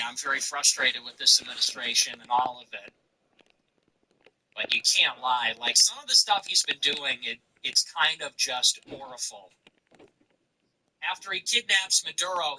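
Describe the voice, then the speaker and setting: Husky, sharp-toned male show host. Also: on the high side, poor audio. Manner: blunt, profane, conversational. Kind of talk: casual ranting monologue.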